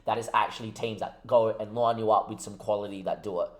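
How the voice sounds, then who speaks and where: A man's voice: fairly low pitch, fairly even intonation, quick pace, reverberant. A young man ranting about a football management game, swearing heavily as he commentates his gameplay. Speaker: gaming YouTuber.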